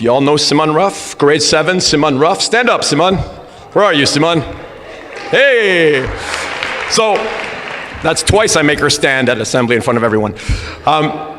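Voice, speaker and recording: A man coaching rugby, telling a funny story in a lively way at a school assembly. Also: a little high. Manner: humorous, animated storyteller. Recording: reverberant hall with faint background noise.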